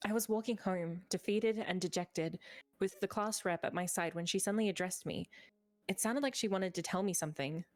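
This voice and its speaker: A woman reading the first-person narration of a defeated teenage schoolboy from a game in her own plain, unhurried voice. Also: medium pitch, darkish tone, dry recording, natural voice. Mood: dejected.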